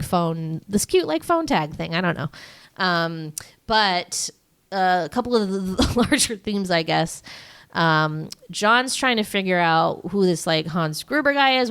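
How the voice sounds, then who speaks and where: A woman's voice: on the low side, fairly bright tone, clean tone. A woman co-hosting a podcast, recapping a movie in a rambling, joking way with many fillers. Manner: rambling, filler-heavy, jokey asides. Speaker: podcast co-host. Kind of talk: casual movie recap chat.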